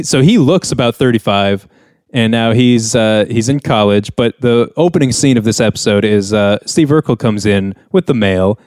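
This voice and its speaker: A young man chatting on a podcast, retelling a sitcom episode in a loose, rambling way and jumping into the characters' lines. His voice sits at an ordinary mid pitch. The sound is dry and close. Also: a little mellow, clear, resonant tone, no echo. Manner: rambling storyteller, acts out characters' lines with raised voice. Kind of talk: casual chat.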